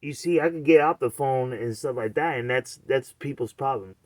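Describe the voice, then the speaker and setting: A man's voice: mid-range voice, moderate pace, darkish tone, no echo. Rambling man asking rhetorical questions. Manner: loose and conversational, heavy on "you know what I'm saying". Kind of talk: rambling monologue to camera.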